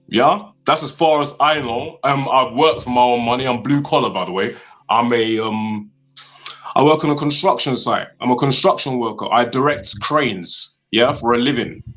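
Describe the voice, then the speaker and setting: A man's voice: mid-range voice, fairly bright tone. A man who works construction, arguing sarcastically in a heated debate and tacking "yeah?" onto his points. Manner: sarcastic, argumentative, tag questions. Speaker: construction worker, debate guest. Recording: slightly dull sound.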